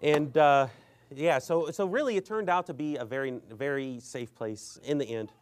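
A man's voice: mid-range voice, normal speed. A man preaching a sermon and telling a story, rambling and filling his speech with "you know".

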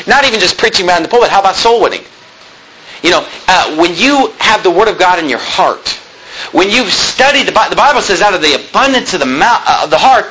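A man's voice: on the high side, pushed and bright, slight background noise, rough recording. A man preaching a sermon, quoting scripture in old-fashioned wording and swelling his voice for emphasis. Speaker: pastor.

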